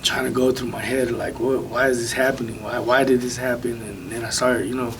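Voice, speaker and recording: A man speaking as an interview guest, telling a personal testimony in a soft, halting way with many pauses. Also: mid-range voice, fairly even intonation, far from the mic, slight background noise, low-quality recording.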